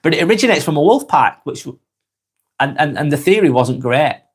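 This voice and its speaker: A man from northwest England with a Lancashire accent, talking calmly on a live stream, reading out viewer comments and musing with frequent repeats and restarts. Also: fairly high pitch, brisk, breathy edge. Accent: Lancashire English. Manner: calm, musing, repeats words and restarts often.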